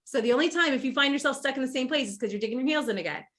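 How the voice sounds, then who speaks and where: A woman guest in a casual podcast conversation, her voice bright and ringing and pitched a little high. She talks in animated, run-on sentences full of fillers and restarts. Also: very fast.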